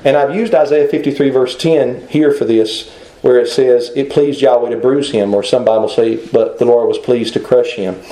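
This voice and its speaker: Mellow-voiced man preaching in an echoey room. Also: mid-range voice, steady tone, moderate pace. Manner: reasoning aloud with rhetorical questions. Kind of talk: sermon.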